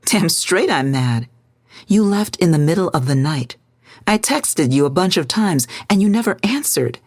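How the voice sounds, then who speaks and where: An angry young law clerk, voiced by a woman narrator, confronts with sharp words. Her voice is low and a little husky. It is a storybook reading. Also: expressive, takes it slowly, no echo, clean studio sound, full character voice.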